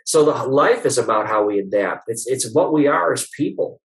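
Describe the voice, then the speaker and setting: A middle-aged man with a voice of ordinary pitch for a man, guesting on a podcast as a chiropractor. He talks like a storyteller, spinning long anecdotes and slipping into the voices of the people in them. His tone is casual and self-mocking, with a little swearing. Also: normal speed. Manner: lively anecdotal storyteller, acts out the dialogue he quotes; swears casually and laughs at his own stories.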